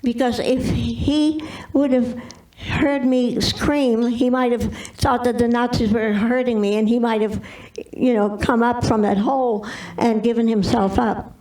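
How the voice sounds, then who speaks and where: An older woman telling her personal testimony as an interview guest, halting with restarts and repeats. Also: on the high side, steady tone, a little mellow, far from the mic, poor audio.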